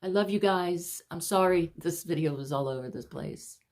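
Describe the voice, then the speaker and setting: A vlogger shows her paintings at home, speaking at normal speed in a lowish, darkish voice. Her casual chat to camera is breathless, rambling, and apologetic toward her viewers.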